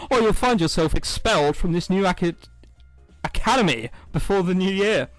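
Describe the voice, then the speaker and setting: A man's voice: sits high, animated, normal speed, no room sound, faint music behind. A man voicing a stern, cold male professor in a clipped scolding tone while reading a game aloud. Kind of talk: reading a visual novel aloud with voices.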